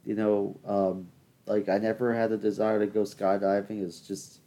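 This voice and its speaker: A young man with a deep, low voice rants on his own show. He rambles through stories, stops to talk straight to his listeners, and keeps a loose, joking tone. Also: little pitch movement, normal speed, warm tone. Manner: chatty, rambling, addresses listeners as people. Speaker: podcast host. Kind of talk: solo comedic rant.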